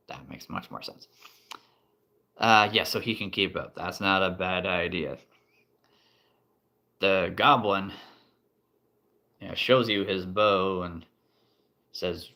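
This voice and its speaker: A man running a tabletop role-play game as game master, playful and quick to chuckle as he addresses his players. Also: low voice, expressive, gravelly, pushed and bright.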